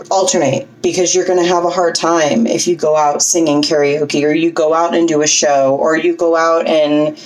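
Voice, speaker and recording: Low-voiced chatty woman teaching singing. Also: darkish tone, low-quality recording. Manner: chatty, checks in with 'okay?' and 'right?'. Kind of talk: casual spoken lesson.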